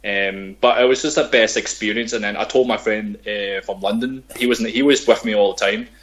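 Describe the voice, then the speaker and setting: A man's voice: on the low side, fairly even intonation, fairly quick, a bit bright, rough recording. A young man with a Glaswegian Scottish accent, hosting a casual podcast chat, hesitant with many ums and restarts. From Scotland, Glasgow. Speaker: podcast host.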